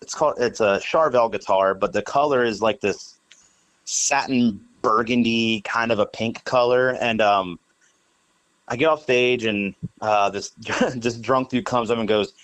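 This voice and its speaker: A man's voice: medium pitch, unhurried, fairly bright tone, rough recording. A young adult man, a podcast guest, telling a casual story in a rambling way, full of fillers and "like". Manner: rambling, heavy use of "like" and fillers. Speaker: podcast guest, guitarist and studio engineer.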